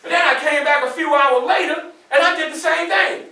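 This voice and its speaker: A man performing as Frederick Douglass, telling his story in the first person with animated, often shouted storytelling to a live audience. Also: very high voice, a little fast, far from the mic, heavily acted. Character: Frederick Douglass, a defiant young man escaping slavery. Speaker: historical portrayer. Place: public library event room. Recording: echoey room, mic from afar.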